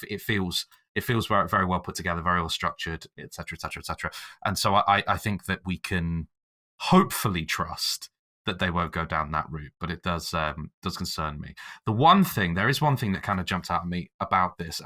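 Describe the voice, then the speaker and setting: A man's voice: low-pitched, bright, forceful tone. A man co-hosting a casual podcast discussion about a TV episode, full of restarts and hedging as he thinks aloud. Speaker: podcast co-host.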